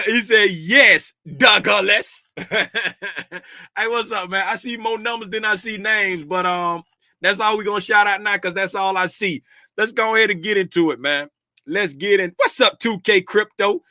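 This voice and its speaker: A middle-aged man talks through futures charts on a casual livestream. His voice sits high and sounds bright, and he keeps it loose and slangy, greeting the chat and laughing along. The sound is dry, with little room echo. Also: moderate pace. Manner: chatty, greets viewers by name and laughs often; easygoing slangy talk. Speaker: livestream host reviewing futures markets. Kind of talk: casual livestream market commentary.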